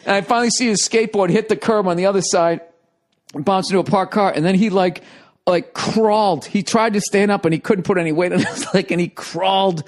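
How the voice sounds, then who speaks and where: American man, high voice, podcast host, casual story, profane, laughing. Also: fairly quick. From United States. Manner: animated, profane, laughing often through the telling.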